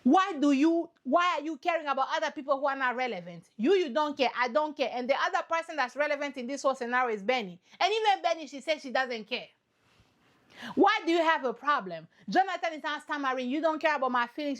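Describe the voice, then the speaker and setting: High-voiced animated woman vlogger. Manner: animated, playful, repeats herself for effect. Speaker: reaction vlogger. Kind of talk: casual reaction commentary.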